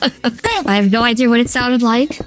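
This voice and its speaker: A high, bright feminine voice-changer voice chatters through a live gaming stream. It's excitable and playful, quick to squeal or giggle. Faint music sits underneath. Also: male voice. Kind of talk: casual live-stream chat while gaming.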